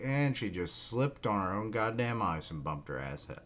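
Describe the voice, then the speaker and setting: Deep-voiced man reacting to a manga. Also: very animated, moderate pace, few pauses, a bit bright. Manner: casual, swears, reads panels aloud. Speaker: reaction video host. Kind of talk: live manga reading reaction.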